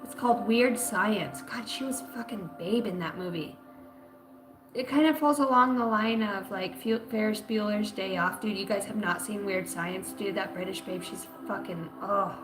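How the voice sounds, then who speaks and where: A spiritual reader, a woman with a mid-range voice speaking at a normal speed, gives a loose, rambling reading on a live stream. Her talk is slangy and full of swearing, recorded in an echoey room with music behind.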